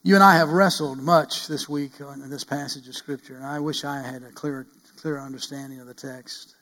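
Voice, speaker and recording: A middle-aged man preaching a sermon as pastor, earnest, swinging from loud cries to hushed pleading. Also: mid-range voice, fairly even intonation, a little fast.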